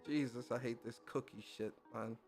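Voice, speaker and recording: A man hosting a gaming podcast who reads out industry news and reacts to it in casual, animated, profane commentary, laughing often. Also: mid-range voice, moderate pace, creaky, faint music behind.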